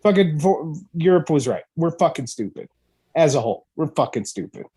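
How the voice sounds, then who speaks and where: A man's voice: fairly high pitch, animated, moderate pace, mellow, breathy edge. A man co-hosting a podcast who rants with heavy swearing in an exasperated comedic style. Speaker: podcast co-host. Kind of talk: profane comedic rant.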